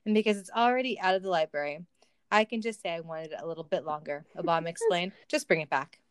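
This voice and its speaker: A woman's voice: on the low side, fast, smooth, no room sound. A woman reading a silly story aloud for comedy, with wry asides and laughter. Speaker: reader of a fan story.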